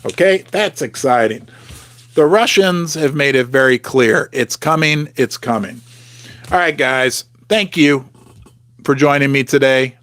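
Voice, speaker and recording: A man's voice: fairly high pitch, measured pace, dry recording. Chatty man hosting a live stream. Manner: chatty, reads out live comments, animated outbursts. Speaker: livestream host. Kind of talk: casual livestream chat with viewers.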